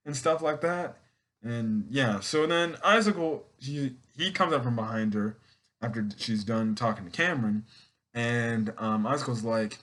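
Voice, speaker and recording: A man's voice: medium pitch, expressive, normal speed, fairly bright tone. A man casually recapping and reviewing a TV episode, rambling and correcting himself as he goes, often acting out the characters' lines.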